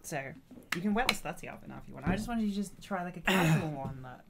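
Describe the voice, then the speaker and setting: A woman's voice: on the low side, expressive, fast talker, gravelly, heavy background noise. A woman, dry and teasing as she banters on a stream.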